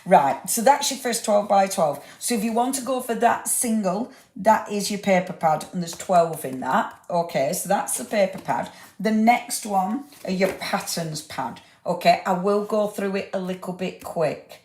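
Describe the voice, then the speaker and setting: A woman's voice: medium pitch, a little slow, hardly any pauses, a little mellow. Gushing woman hosting a craft stream. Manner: gushing, chatty, exclaims over each item; talks to viewers by name, asks them questions. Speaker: craft livestream host. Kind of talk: live product demonstration. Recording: echoey room.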